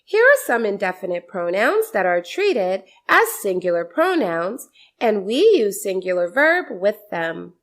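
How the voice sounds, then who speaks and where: Speaking at a medium pitch with a sing-song lilt, a woman works through a scripted grammar lesson. Her explanations are slow and deliberate, packed with repeated example sentences.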